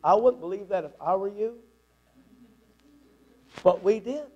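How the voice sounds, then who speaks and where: High-voiced pastor telling a story. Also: male voice, a little slow, dull audio. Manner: animated, conversational storytelling. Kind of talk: storytelling sermon.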